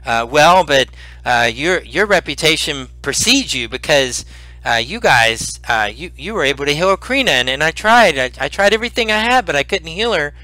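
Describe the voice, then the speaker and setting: A man's voice: fairly high pitch, big pitch swings, pushed and bright, dry recording, rough recording. A man voicing a frail, kindly old male healer who stammers and halts. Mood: earnest. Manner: stammering, halting, flustered.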